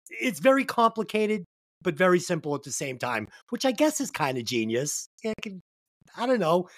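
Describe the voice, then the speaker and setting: A man's voice: sits high, no echo, studio quality. A man co-hosting a casual album review podcast, joking, swearing and acting out quoted voices. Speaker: podcast co-host. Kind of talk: casual music review chat.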